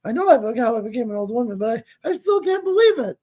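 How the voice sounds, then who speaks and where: A man imitating his elderly mother in her eighties, a bewildered old woman, with a high, wavering voice. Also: sing-song, quick pace, warm tone, heavily acted. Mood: incredulous. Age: 80s.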